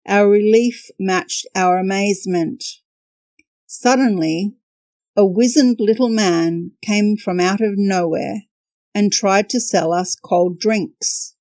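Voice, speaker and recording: A woman's voice: mid-range voice, darkish tone, no room sound. A woman hosting a podcast, narrating a travel story from a script with wry, dry humor.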